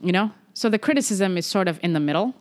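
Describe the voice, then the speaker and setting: A young adult woman, a doctor, talking in a relaxed podcast conversation, animated and acting out what people say. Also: fairly low pitch, fast talker. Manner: animated, acts out quoted speech. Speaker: medical doctor guest.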